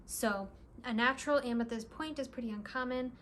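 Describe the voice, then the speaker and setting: A young woman who runs a crystal shop, talking through her purchases in a casual, excitable vlog with lots of "like" and "really, really". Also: a little high, brisk, slight background noise. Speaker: crystal shop owner and vlogger. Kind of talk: casual show-and-tell vlog.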